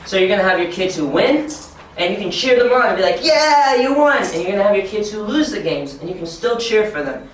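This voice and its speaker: A man training teachers, talking encouragingly and acting out excited children in a high voice. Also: quick pace, slight background noise. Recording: echoey room from far off.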